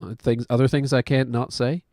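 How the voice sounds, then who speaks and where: His voice is mid-range and dark, with a level tone and normal speed, recorded dry and in studio quality. The streamer, a man in his thirties with a New Zealand accent, jokes at his own expense as he talks casually during gameplay.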